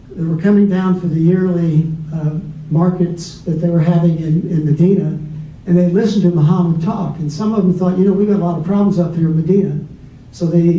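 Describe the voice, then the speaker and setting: A man in a debate talks off the cuff, stumbling and restarting as he goes. His voice sits fairly high yet sounds very dark. He is heard from a distance in an echoey room, on a dull recording with faint noise. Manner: halting, many restarts and repeated words. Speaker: debate panelist. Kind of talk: unscripted debate talk.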